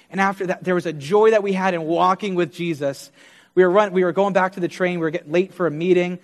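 High-voiced earnest young male preacher. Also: a little fast. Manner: earnest, animated storytelling with quoted dialogue. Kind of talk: sermon with personal testimony.

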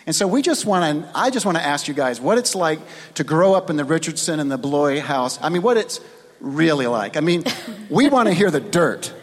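Man, church panel host, chatty and rambling, slightly high voice, echoey hall. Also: lively intonation, a little fast. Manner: chatty, rambling setup questions. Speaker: host interviewing pastors' wives at church. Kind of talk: informal church panel hosting.

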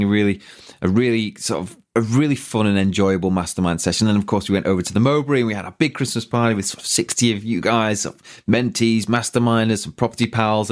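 A British man with a husky voice hosting a podcast, giving a relaxed, rambling business update full of "sort of" fillers. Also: lowish voice. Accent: British English. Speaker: podcast host, property business owner. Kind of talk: casual business update monologue.

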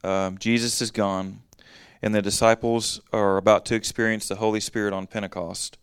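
A man's voice: lowish voice, level tone, normal speed, smooth, dry recording, clean studio sound. A man giving a casual Bible teaching, reading verses aloud and then explaining them in plain, conversational talk.

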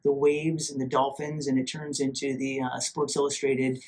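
A man hosting a podcast, telling a story casually in an animated, self-mocking way and acting out his own inner voice. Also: medium pitch, normal speed. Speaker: podcast host.

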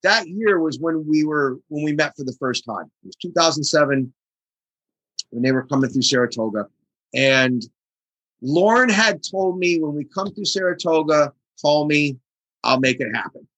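A man being interviewed as a guest drummer, telling a story in a casual, animated way and acting out the voices of the people in it. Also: a little high, normal speed, no echo, poor audio.

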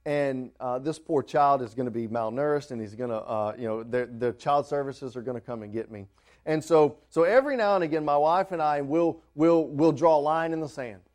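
A man in his thirties delivers a sermon to his church, his voice sitting a little high for a man. He tells a family story in a halting, repetitive way, stumbling over his words. Then he rises into loud, fervent preaching. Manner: storytelling with many restarts, building to loud preaching. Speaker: pastor.

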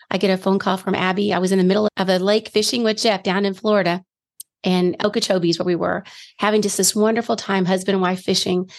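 Middle-aged woman, guest, earnest testimony, gravelly edge, mid-pitched voice. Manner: earnest storytelling, emphatic at key phrases. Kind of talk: personal testimony in a faith interview.

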